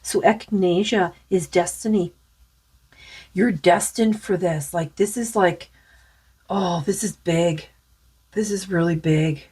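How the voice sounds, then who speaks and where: A woman's voice: fairly low pitch, steady tone, slow pace, long pauses, a little mellow, slightly rough. A woman doing a spiritual tarot card reading in a rambling, musing way with many fillers, saying she is losing her voice.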